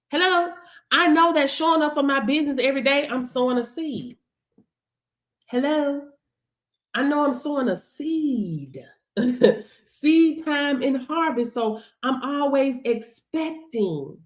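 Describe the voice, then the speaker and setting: Woman host preaching at a livestream, laughs a lot, keeps saying hello, fairly high voice. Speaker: business workshop host. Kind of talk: motivational livestream talk.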